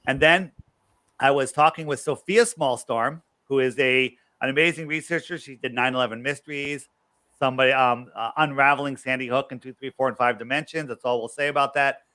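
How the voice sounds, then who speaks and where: Bright, emphatic man telling a story. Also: mid-range voice, steady tone. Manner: emphatic, quick asides, acts out quoted people. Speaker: guest researcher. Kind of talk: animated storytelling interview.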